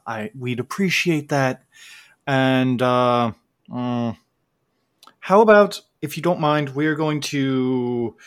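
A man narrating as game master of a tabletop game, relaxed and often chuckling. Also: medium pitch.

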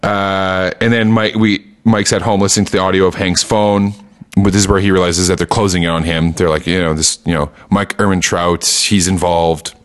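A man's voice: deep voice, level tone, normal speed. A man casually recapping a TV episode on a podcast, rambling with lots of fillers and acting out quoted lines. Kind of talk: casual chat.

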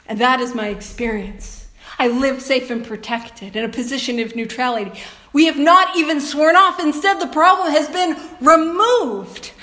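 A woman with a high voice speaks earnestly to a meeting room, chatting with the audience and laughing along the way. Her words carry a roomy echo from the hall around her. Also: fairly bright tone. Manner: earnest, conversational, often laughing, addresses the room directly. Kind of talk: personal talk to a meeting. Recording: echoey room recording.

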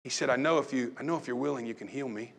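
A pastor preaching a sermon, moving from loud acted-out calls to soft, hushed talk. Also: male voice, mid-range voice, rapid-fire, creaky, in a large hall.

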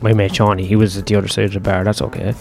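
A man's voice: lowish voice, flat delivery, very fast, creaky, a little mellow. A man, telling a long personal story in a rambling, profane, self-deprecating way. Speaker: host.

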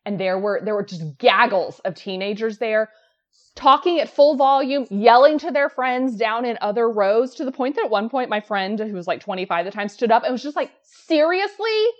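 A woman's voice: fairly high pitch, a little fast, muffled recording. A woman in her thirties co-hosting a podcast, chatting casually with lots of fillers and laughs. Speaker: podcast co-host. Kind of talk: casual chat.

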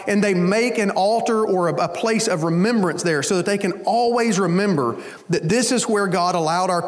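A man's voice: high voice, in a large hall. A middle-aged man preaching a sermon, telling folksy stories with conversational asides to his congregation. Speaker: pastor.

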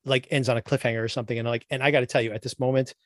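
A man hosting a podcast, ranting about a TV show in animated casual chat and mimicking characters in quick asides. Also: medium pitch, no room sound, clean studio sound. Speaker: podcast host.

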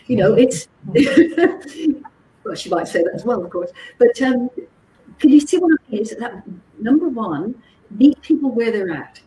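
A woman psychologist gives a teaching talk, telling lively anecdotes and checking in with her listeners as she goes. Her voice is mellow and warm. It sounds roomy and echoey, with a faint hiss behind it. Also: on the high side, normal speed. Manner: lively, animated storyteller who checks in with "okay?". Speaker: psychologist and communications trainer.

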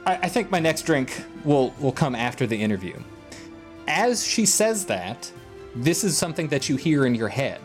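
A man narrating a tabletop game as game master, relaxed and wry. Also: mid-range voice, moderate pace, soft background music.

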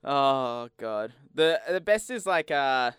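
A man's voice: medium pitch, expressive, slow, fairly bright tone, clear, resonant tone, dry recording, studio quality. A man, co-hosting a casual comedic chat, laughing often and acting out voices as he tells stories. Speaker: podcast co-host.

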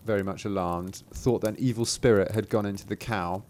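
A man's voice: lowish voice, fairly even intonation, brisk, darkish tone. A man hosting a show, casually retelling a fairy tale with playful asides and chuckles. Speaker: podcast host. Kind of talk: casual storytelling.

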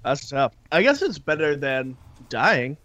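A man's voice: fairly high pitch, big pitch swings, measured pace, bright, forceful tone. A man chatting casually as a podcast guest, with blunt, wry remarks. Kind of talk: casual chat.

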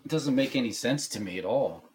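A man co-hosting a podcast, chatting in a relaxed, agreeable and joking way. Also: mid-range voice, brisk, slight background noise. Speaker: podcast co-host. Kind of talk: casual chat.

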